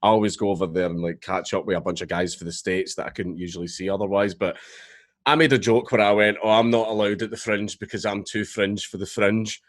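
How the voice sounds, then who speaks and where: A man's voice: fairly low pitch, steady tone, fairly quick. A Scottish man in his thirties telling stories as a guest in a casual podcast chat, swearing freely. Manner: swearing, storytelling, laughs often.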